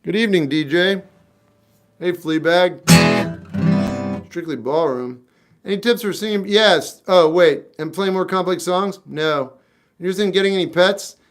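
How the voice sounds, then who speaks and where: Pausing at length and speaking a little slowly in a high voice, a fifty-something singer-songwriter chats on a livestream. He handles the comments bluntly, wryly and offhandedly, with guitar playing behind him.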